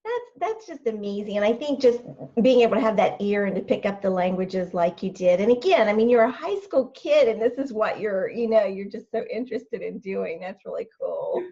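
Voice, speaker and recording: A woman podcast host interviewing a guest over a video call, enthusiastic and quick to laugh. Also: medium pitch, animated, mellow. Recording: dull lo-fi call audio.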